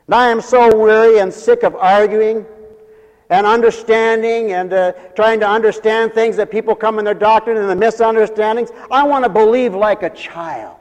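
A man's voice: high-pitched, normal speed. A man preaching an emphatic sermon to a church congregation and a radio audience, calling out for responses. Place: church sanctuary. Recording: long hall reverb.

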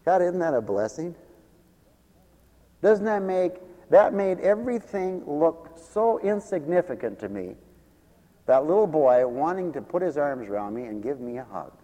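A male pastor preaching a radio sermon, impassioned and swinging from hushed tones to loud peaks, chuckling between points. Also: on the high side, big pitch swings, moderate pace, in a large hall.

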